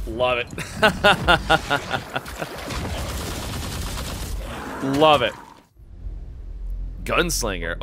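A young man hosting a reaction video, excitedly shouting, swearing and laughing as he watches. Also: on the high side, a little hiss or hum.

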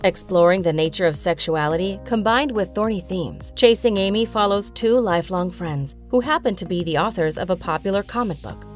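A woman's voice: mid-range voice, fairly quick, few pauses, soft background music. A woman reading film summaries as a scripted countdown narration.

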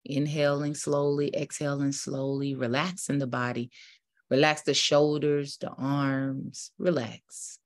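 With a rumbling low voice, this woman teaches spiritually; her preaching builds in intensity, then gives way to a calm, unhurried guided meditation.

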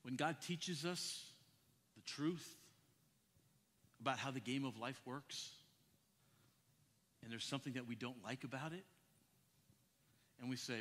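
A male pastor telling a story in a sermon, animated and often repeating his first words. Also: mid-range voice, measured pace, pauses often. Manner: animated, repeats words when starting sentences. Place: church. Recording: echoey church hall.

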